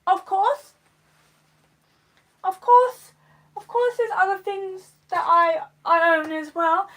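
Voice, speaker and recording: Very high, bright, slow-talking woman streamer. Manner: deliberate, overly descriptive, emphatic delivery; chatty, rambling with giggles. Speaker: livestream host. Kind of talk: live-stream show-and-tell chat.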